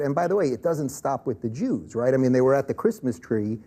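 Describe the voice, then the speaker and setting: A man speaks as a guest in a casual political discussion on a talk show. His voice is husky and mellow. He talks earnestly and often restarts his sentences as he builds a point. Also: medium pitch, animated, fairly quick.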